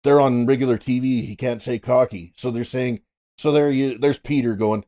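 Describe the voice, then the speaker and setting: A man's voice: mid-range voice, normal speed, mellow. Rambling man in casual chat. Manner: hesitant, rambling with fillers. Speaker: podcast co-host.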